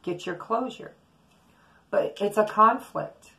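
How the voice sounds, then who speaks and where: A woman's voice: mid-range voice, slow pace, creaky, sharp tone, poor audio. A woman giving a casual, rambling daily tarot reading straight to camera, talking in a chatty, intuitive way. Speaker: tarot reader.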